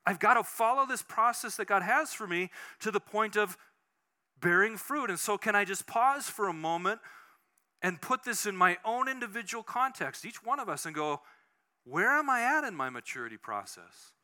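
High, bright-voiced male pastor. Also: moderate pace. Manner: animated, personal anecdotes, frequent restarts. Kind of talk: conversational sermon.

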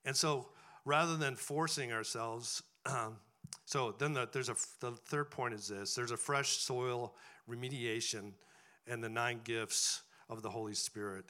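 A man's voice: mid-range voice, moderate pace, bright, forceful tone. A man preaching a sermon to a church congregation in a conversational style, often checking in with a rhetorical "right?". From farming background.

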